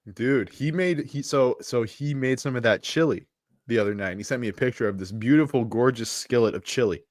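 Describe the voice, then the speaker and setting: A man's voice: mid-range voice, fairly quick, dry recording, studio quality. A man co-hosting a live podcast as a coach, telling stories in a chatty way and laughing at himself. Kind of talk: casual live podcast chat.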